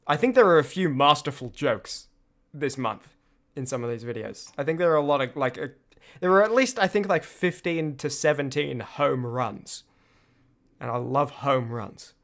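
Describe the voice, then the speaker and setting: A man's voice: medium pitch, normal speed, fairly bright tone. A man streamer giving loose, laughing commentary on his own videos, full of restarts. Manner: rambling, laughs often, many restarts.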